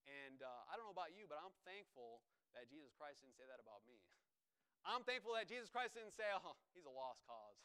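Bright-voiced animated male preacher. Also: a little fast, clean tone, low-quality recording. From New York, USA. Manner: animated, acts out quotes with rising pitch and volume. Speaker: visiting preacher. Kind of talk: sermon.

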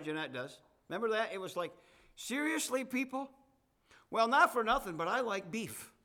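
A middle-aged male pastor delivers a sermon in a bright, forceful voice set a little high. He moves between scripture and casual, joking asides to his congregation. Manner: conversational preaching with asides and folksy humor.

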